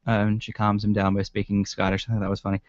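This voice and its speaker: Speaking fast in a lowish, monotone voice, this man co-hosts a casual podcast discussion of a TV episode. He rambles, fills gaps with ums and swears, and the recording is dry, dull and lo-fi.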